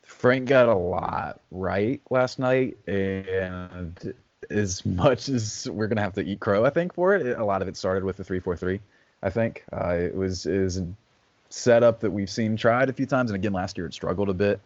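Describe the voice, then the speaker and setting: A man co-hosting a casual sports podcast, relaxed and easygoing, with hesitant fillers. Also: low-pitched, normal speed, dry recording, highs cut off. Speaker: podcast co-host.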